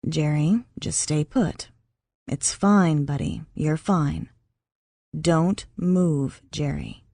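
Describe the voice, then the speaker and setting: A woman voicing a gentle young man who soothes and calms in a low, soft voice. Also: extremely slow, creaky, no room sound, clean studio sound, full character voice. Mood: soothing.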